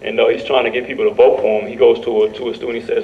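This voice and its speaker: A man on a panel walks through his comic strips in a relaxed way, chuckling now and then. He is heard from some distance from the mic. The sound is dull, with a faint hum behind him. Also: medium pitch, rapid-fire. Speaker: cartoonist panelist. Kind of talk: panel presentation with read-out comic dialogue. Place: lecture room panel.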